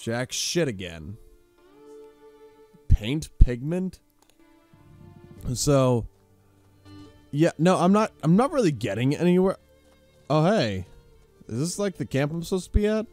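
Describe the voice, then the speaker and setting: A man hosting a profane let's play commentary, sarcastic and swearing constantly, bursting into yells. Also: fairly high pitch, very animated, slow pace, long pauses, faint music behind. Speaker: gaming channel host.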